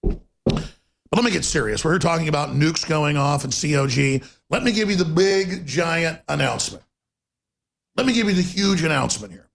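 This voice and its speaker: A male talk radio host rants in an emphatic, sarcastic monologue and speeds up in rapid bursts. His voice sits fairly high for a man and carries a rough, gravelly rasp with a husky edge. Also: animated.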